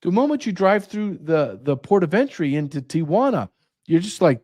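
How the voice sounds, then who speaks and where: A man's voice: high-pitched, sing-song, moderate pace, a little mellow. A middle-aged American man hosting his own show, ranting with sarcasm and piling up rhetorical questions. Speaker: podcast host. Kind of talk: ranting monologue.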